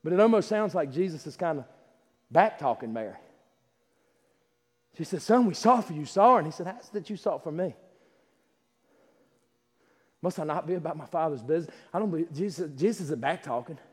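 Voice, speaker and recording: A man preaching a sermon, who swings from loud climaxes to quiet asides and laughs while telling stories. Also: on the high side, animated, fairly quick, long pauses, slightly rough. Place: church sanctuary. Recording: long hall reverb.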